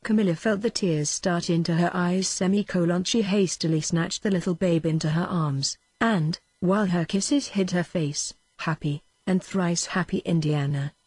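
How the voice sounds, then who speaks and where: Synthetic British female narrator, low breathy tone, flat machine reading. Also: normal speed, hardly any pauses, no room sound. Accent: British English. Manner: even, mechanical, reads punctuation aloud. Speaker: audiobook narrator.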